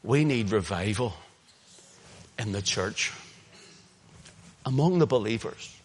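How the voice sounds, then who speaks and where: A man's voice: lowish voice, animated, takes it slowly, a little hiss or hum. Impassioned Northern Irish preacher man. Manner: impassioned, swings between loud emphasis and hushed asides. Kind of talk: sermon, streamed online.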